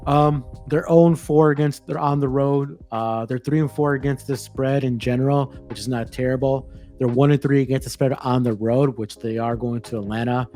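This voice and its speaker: A man's voice: medium pitch, steady tone, moderate pace, mellow, faint music behind. Rambling male sports podcast host. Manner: rambling, ranting, many restarts. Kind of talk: casual sports betting chat.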